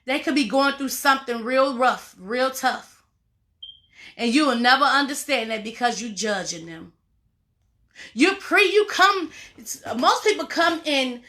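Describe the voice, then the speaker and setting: A woman's voice: high voice, bright, forceful tone. A woman life coach giving a motivational talk to viewers, emphatic and informal, repeating her phrases and calling listeners y'all and baby.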